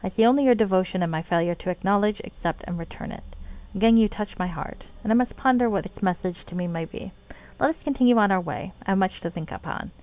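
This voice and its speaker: A woman's voice: medium pitch, quick pace, darkish tone, lightly acted. A woman reading the lines of a noble, sorrowful fallen paladin in formal, solemn courtly speech.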